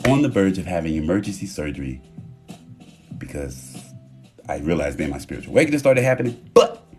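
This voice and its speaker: Deep-voiced, animated man. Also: a little fast, soft background music. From Houston, Texas. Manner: animated, emphatic, candid with profanity. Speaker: live-stream host. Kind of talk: casual live-stream talk.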